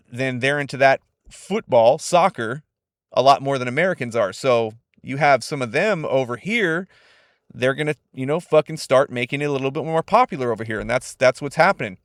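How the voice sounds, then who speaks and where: A young man from California hosting a casual solo podcast, laid-back, profane and animated. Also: medium pitch, no room sound, studio quality. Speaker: podcast host.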